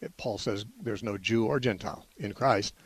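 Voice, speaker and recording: A man hosting a call-in radio Bible show, explaining in a measured way with frequent "uh" restarts. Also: on the low side, slightly rough, no room sound. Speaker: radio Bible-answer host.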